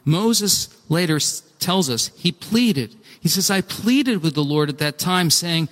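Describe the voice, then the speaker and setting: A man preaching a sermon, animated and acting out pleas, with frequent restarts. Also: a little high, unhurried. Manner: animated, acts out pleading voices, restarts often. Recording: long hall reverb.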